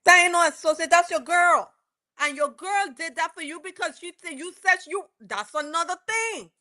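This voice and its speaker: High bright Caribbean woman gossiping. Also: moderate pace. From Virgin Islands. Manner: animated, acts out quoted dialogue. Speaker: podcast co-host. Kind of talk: casual gossip chat.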